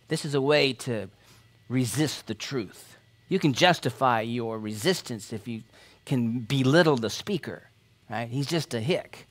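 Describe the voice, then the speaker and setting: A man's voice: a little high, a bit bright. A man preaching an expository sermon as pastor, speaking in a conversational, emphatic way and often checking in with his listeners.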